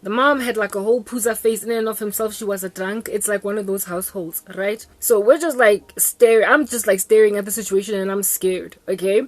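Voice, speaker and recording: A young South African woman vlogger telling a story in an animated, chatty way, recorded at home on a close mic. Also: medium pitch, a little fast, hardly any pauses, no echo. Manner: animated, code-switching, chatty. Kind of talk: storytelling monologue.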